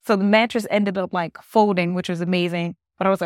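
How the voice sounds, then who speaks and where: A woman's voice: fairly low pitch, flat delivery, fairly quick, hardly any pauses, no room sound. Dry-voiced woman podcaster rambling casually. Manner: rambling storytelling, heavy use of "like". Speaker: podcast host. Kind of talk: casual solo podcast chat. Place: her new apartment.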